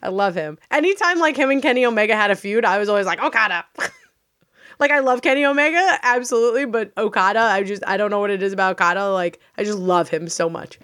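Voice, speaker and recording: A woman's voice: mid-range voice, fast, fairly bright tone, clear, resonant tone, no echo, clean studio sound. A woman co-hosting a casual wrestling podcast, gushing and laughing often, swearing freely. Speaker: podcast co-host. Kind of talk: casual chat.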